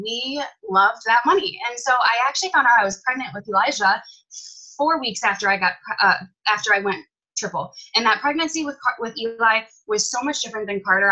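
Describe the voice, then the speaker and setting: A young woman candidly telling her personal comeback story in an animated, emphatic way. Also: medium pitch, poor audio. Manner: animated, emphatic, swears casually.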